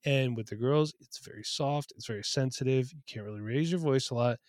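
Pennsylvania dad cohost telling stories, wry and dry, close mic no room. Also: male voice, medium pitch, brisk, a little mellow, no echo. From eastern Pennsylvania. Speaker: podcast co-host. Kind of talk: casual storytelling chat.

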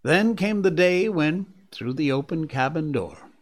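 A man narrating a classic adventure novel aloud, in a measured, expressive reading voice. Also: a little high. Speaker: audiobook narrator. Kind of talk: scripted narration.

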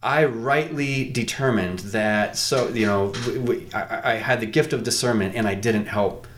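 A man's voice: lowish voice, fairly even intonation, normal speed, slight background noise. A man from Iowa, a podcast guest, telling stories and debating earnestly with frequent restarts. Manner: earnest storytelling, rambling restarts. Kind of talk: conversational debate.

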